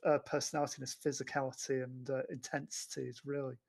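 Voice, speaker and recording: Guy, gravelly voice, rambly podcast chat full of um and you know. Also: mid-range voice, flat delivery, quick pace. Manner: rambling, many fillers and restarts. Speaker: podcast co-host. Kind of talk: casual film chat.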